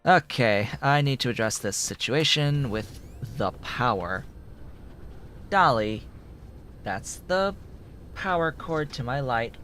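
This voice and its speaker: A man in casual gameplay commentary, talking slowly and rambling as he works things out. His mid-pitched voice swoops up and down a lot. Soft music plays underneath. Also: expressive. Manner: rambling, talks to his cat in a high baby voice. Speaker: gameplay streamer. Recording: faint music behind.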